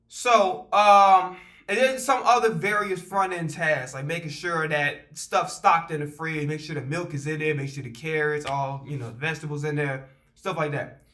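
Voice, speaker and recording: A man telling a casual storytime vlog, animated and profane, rambling with fillers and restarts. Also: a little high, normal speed.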